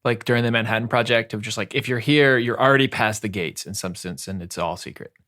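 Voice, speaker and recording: A man's voice: fairly low pitch, fast talker, a bit bright. A man co-hosting a book podcast, interjecting with questions and jokes. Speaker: podcast co-host. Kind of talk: casual book discussion.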